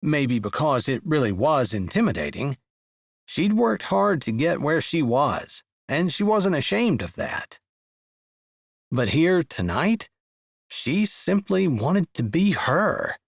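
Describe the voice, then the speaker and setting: Expressive male audiobook narrator. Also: fairly high pitch, slow, vocal fry, no room sound, studio quality. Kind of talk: scripted romance narration.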